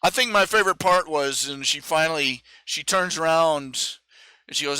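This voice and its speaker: A man's voice: on the high side, normal speed, pushed and bright, clean tone, dry recording, studio quality. A man talking casually on his live stream, rambling with many fillers and restarts and acting out the quotes he tells. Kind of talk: casual solo commentary.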